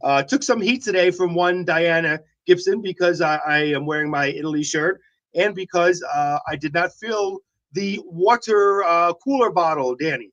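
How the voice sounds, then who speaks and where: Male morning radio co-host, high voice, rambling and defensive, slightly dull studio audio. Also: moderate pace, fairly bright tone. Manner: rambling, defensive, lots of uh fillers. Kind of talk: casual morning radio banter.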